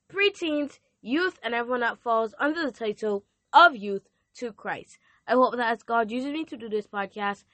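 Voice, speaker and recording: A woman's voice: a little high, bright, forceful tone, dry recording. A teenage girl hosting a casual faith podcast, earnest and encouraging, her voice strained and partly lost. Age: teens. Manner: earnest and encouraging, with frequent restarts. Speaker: podcast host.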